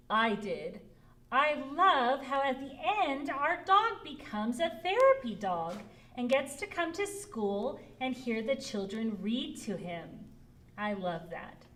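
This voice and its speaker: A woman librarian hosting a preschool storytime, talking gently in a sing-song way to small children. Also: high-pitched, sing-song, slow.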